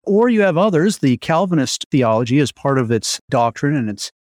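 A man's voice: fairly high pitch, big pitch swings, moderate pace, a little mellow, dry recording, clean studio sound. A man teaching Lutheran doctrine in an earnest, emphatic way, often asking rhetorical questions. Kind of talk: radio-style catechism teaching.

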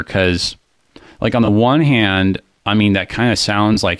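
Casual co-host, male, deep voice, dry close sound, thinks aloud with frequent fillers. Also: measured pace, no echo. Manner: thoughtful, many fillers and restarts. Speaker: co-host discussing a psalm. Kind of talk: casual theological discussion.

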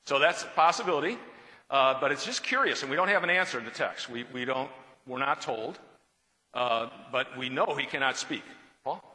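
A man's voice: medium pitch, expressive, moderate pace, pushed and bright. A man teaching a Bible study in a conversational, explanatory way, taking a question from the class and reading scripture aloud. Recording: long hall reverb.

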